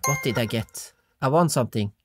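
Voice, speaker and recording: A woman giving excitable let's-play commentary, yelping and giggling as she plays. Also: very deep voice, fairly quick, over loud music. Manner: excitable, yelps and giggles while playing. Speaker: gamer.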